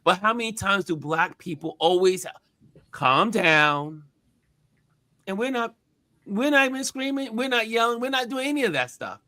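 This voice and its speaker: A man hosting a casual talk show, telling stories with animated emphasis. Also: high-pitched, normal speed, no echo, clean studio sound. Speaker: podcast host. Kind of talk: casual chat.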